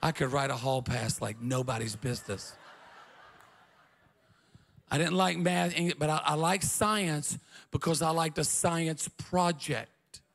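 A middle-aged male pastor, preaching a revival sermon and telling stories in an animated way, often shouting and laughing. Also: on the high side, unhurried, creaky.

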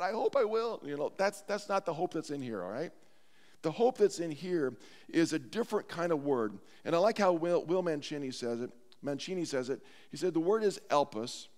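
Earnest guy preaching in a church, slows way down on the verses, kinda high voice. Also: a little mellow, big-room sound. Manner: earnest, slows down to stress scripture lines. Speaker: pastor. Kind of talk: sermon. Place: church sanctuary.

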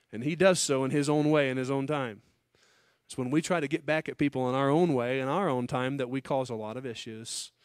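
A male pastor preaching a sermon, swinging between loud emphatic peaks and quiet, low asides. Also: no echo, clean studio sound.

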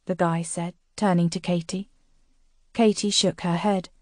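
A woman reading an audiobook in a measured, even scripted narration. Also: on the low side, no room sound, clean studio sound.

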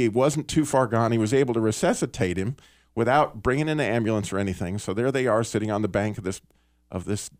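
A man hosting a Christian radio talk show, telling a story in an earnest, animated way with small restarts. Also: medium pitch, no room sound, clean studio sound. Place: radio studio.

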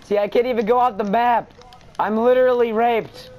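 A man cursing and yelling loudly in casual chat while playing a video game with a friend. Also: extremely high pitch, steady tone, moderate pace, dull audio. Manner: loud, profane, yelling outbursts. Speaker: gamer playing online with a friend. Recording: loud game sound behind the voice.

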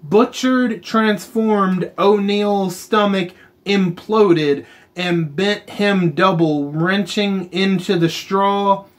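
Slow-talking man narrating a gameplay. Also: high-pitched. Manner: slow, deliberate reading with muttered asides. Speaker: gaming channel host. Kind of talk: casual gameplay commentary and reading lore aloud.

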